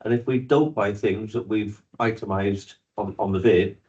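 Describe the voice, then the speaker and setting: Welsh male councillor, low voice, measured and questioning, lo-fi sound. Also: fairly even intonation, a little mellow. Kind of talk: council meeting discussion. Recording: dull lo-fi meeting room recording.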